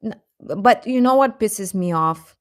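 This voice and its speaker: An outspoken woman talks casually on a live stream, laughing between her thoughts and swearing now and then as she answers viewers. She speaks at an unhurried pace in a middle register. Her voice is close and dry. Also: mid-range voice, dry recording. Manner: animated, opinionated, swears, laughs between sentences; reads and answers viewer comments. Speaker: K-pop commentator streaming to viewers.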